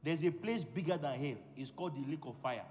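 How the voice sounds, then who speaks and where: Preacher with a rising, forceful delivery. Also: male voice, fairly high pitch, expressive, brisk. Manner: forceful, repetitive call-and-response preaching. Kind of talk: sermon. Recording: long hall reverb with music. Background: music.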